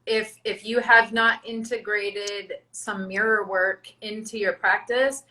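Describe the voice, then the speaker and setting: A woman's voice: mid-range voice, fairly even intonation, takes it slowly, pushed and bright, low-quality recording. A woman co-hosting a casual podcast chat, talking in an emphatic, encouraging way and swearing freely. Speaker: podcast co-host.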